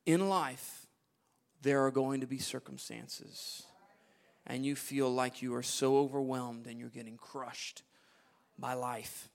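A man preaching a sermon, moving between quiet, low asides and loud, emphatic declarations, often repeating and restarting his phrases. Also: fairly even intonation, slow, vocal fry.

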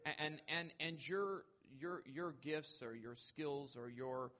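A man's voice: fairly high pitch, slow pace, sharp tone. Man pastor urging his listeners. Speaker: pastor and host. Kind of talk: sermon talk.

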